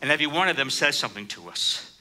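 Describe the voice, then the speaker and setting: A man preaching a sermon, reading scripture and explaining it, lifting his voice sharply for quoted lines. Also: quick pace. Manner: animated, raises pitch for quoted speakers.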